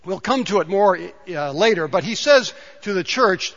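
A man's voice: high-pitched, expressive, moderate pace, a bit bright. A man preaching a conversational sermon in a church, often asking the congregation questions. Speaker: pastor. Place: church sanctuary. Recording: dull reverberant church recording.

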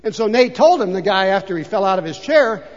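An older man preaching a sermon as a pastor, swinging between loud emphasis and hushed asides. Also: high voice, lively intonation, brisk. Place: church sanctuary. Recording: dull reverberant church recording.

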